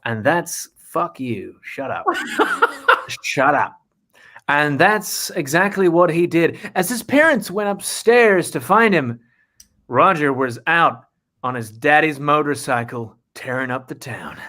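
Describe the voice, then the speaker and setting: A man's voice: fairly high pitch, expressive, takes it slowly, sharp tone. A man narrates an improvised story with mock grandeur. He takes his time, in a slightly raised voice.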